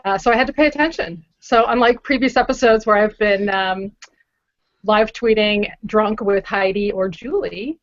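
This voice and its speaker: A woman's voice: mid-range voice, moderate pace, no room sound. Woman, guest writer, self-deprecating, dry room, lo-fi call. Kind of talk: casual chat. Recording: dry, muffled call audio.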